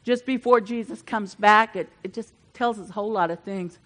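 An older woman preaching a sermon, moving between fervent, building passages and chatty asides with the congregation. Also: moderate pace. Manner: swells louder and higher when preaching, drops to chatty asides with the congregation.

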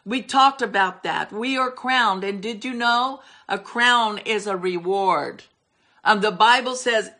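Preaching emphatically, an older woman hammers her points with repeated words for stress. Her voice is medium-pitched, bright and forceful.

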